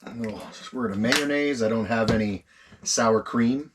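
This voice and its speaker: A man filming a relaxed camp cooking vlog inside an ice fishing tent, savoring his food and talking with his mouth full. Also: medium pitch, unhurried, background noise. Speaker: outdoor vlogger.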